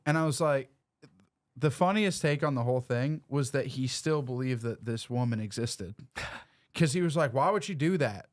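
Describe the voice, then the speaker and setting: A man's voice: medium pitch, expressive, normal speed, dry recording, studio quality. A man hosting a comedy podcast, telling a story with acted quotes and laughing often in casual banter. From United States.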